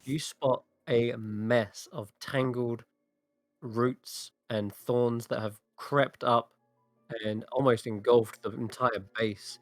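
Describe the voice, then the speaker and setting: A man's voice: medium pitch, steady tone, takes it slowly, no echo, faint music behind. A man running a tabletop game as dungeon master, narrating scenes in a descriptive way with frequent restarts.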